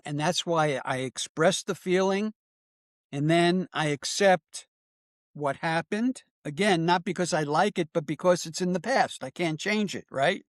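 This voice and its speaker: Older male guest, teacherly and emphatic; higher-pitched, dry close sound. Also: no room sound. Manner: earnest, emphatic, teacherly with tag questions. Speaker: psychologist and author guest. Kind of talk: interview answers, explanatory.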